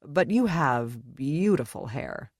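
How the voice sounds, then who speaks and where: A woman's voice: very deep voice, lively intonation, no echo, studio quality, exaggerated voice. A narrator voicing a friendly, flustered woman who owns a shop, in an audiobook. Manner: brisk, warm, easily embarrassed. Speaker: shop owner. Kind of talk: audiobook character dialogue.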